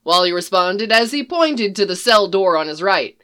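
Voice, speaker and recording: A woman narrating a fan fiction story in an expressive reading voice. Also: mid-range voice, moderate pace, clean tone.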